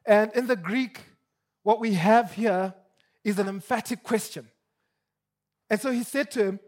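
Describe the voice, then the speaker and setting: High-voiced animated male preacher. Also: measured pace, long pauses. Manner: animated, emphatic, repeats words when excited. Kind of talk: sermon.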